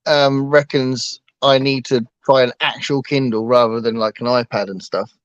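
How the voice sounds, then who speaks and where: A man's voice: medium pitch, fairly even intonation, normal speed, no room sound, highs cut off. A man co-hosting a casual book livestream, talking hesitantly with lots of ums and restarts. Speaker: book channel co-host.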